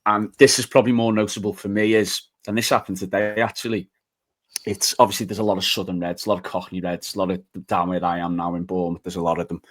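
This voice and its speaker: A man's voice: sits low, little pitch movement, fast talker. A young man ranting in casual chat as a podcast panelist. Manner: exasperated, ranting.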